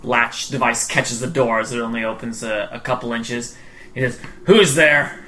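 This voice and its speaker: A man's voice: medium pitch, completely flat delivery, moderate pace, pushed and bright, a little hiss or hum, poor audio. A man narrating as game master, hesitant, with many fillers and restarts.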